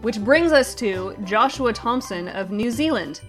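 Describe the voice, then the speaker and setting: A woman co-hosting a comedy show, reading out odd news stories in a brisk, wry, joking way. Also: on the high side, animated, faint music behind. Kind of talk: scripted comedic news chat.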